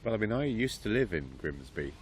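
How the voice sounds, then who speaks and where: A man's voice: on the low side, sing-song, a little fast, slight background noise. A man hosting an improv podcast, asking questions in a playful, upbeat way. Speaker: podcast host. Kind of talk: casual interview.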